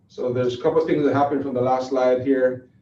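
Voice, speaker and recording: A man's voice: medium pitch, steady tone, brisk, warm tone. A man leading a sales training session, talking loosely and chattily with many fillers. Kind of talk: classroom training talk. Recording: echoey, distant, dull room recording.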